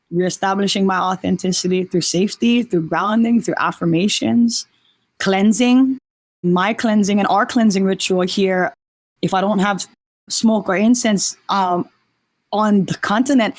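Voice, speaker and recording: A woman from Oahu, Hawaii, appears as a podcast guest in a reflective casual conversation, speaking earnestly and often restarting her sentences. Her voice is medium-pitched, with no echo.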